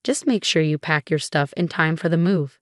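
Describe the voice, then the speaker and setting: A woman's voice: low voice, moderate pace, no room sound, studio quality, natural voice. A woman voicing a firm, dismissive young husband who talks over his wife, in a narrated storybook drama.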